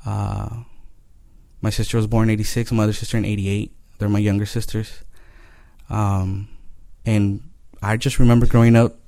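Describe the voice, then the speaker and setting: A man with a fairly low voice shares a personal testimony, earnest and unhurried. He talks haltingly, leaning on pauses and fillers as he gathers his thoughts. The recording is dry and close, with no room sound. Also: little pitch movement, creaky, dark tone, no echo. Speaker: storyteller sharing his life story.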